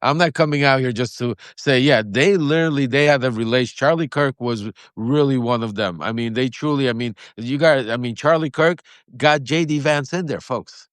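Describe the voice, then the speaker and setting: A male interview guest speaking in a rambling, halting way with many fillers and restarts. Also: medium pitch, clean tone, no echo. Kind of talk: political commentary interview.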